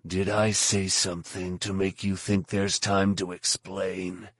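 A man's voice: low-pitched, flat delivery, a little slow, a bit bright, no room sound, full character voice. A man voicing a blunt male armored bounty hunter who talks in a curt, dry, sardonic way.

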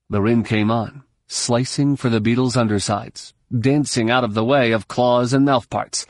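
A man reading scripted narration for an audiobook in a measured, steady storytelling manner. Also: medium pitch, no room sound, studio quality.

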